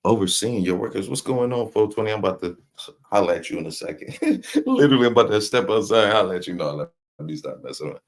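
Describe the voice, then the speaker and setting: A man's voice: on the low side, sing-song, fast talker. A man hosting a casual live stream, teasing his chat with loose slang and frequent laughs. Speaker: livestream host reading chat.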